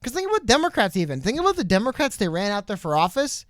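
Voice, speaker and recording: A man co-hosting a casual political podcast, talking in a rambling, animated way with many asides and restarts. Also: high-pitched, quick pace, dry recording, studio quality. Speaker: podcast co-host.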